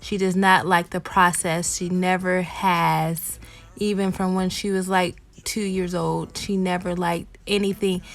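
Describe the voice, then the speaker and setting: A woman's voice: on the low side, little pitch movement, measured pace. A woman, a mother and hair vlogger, narrating a home haircut in a casual, explanatory voice-over full of ums and likes.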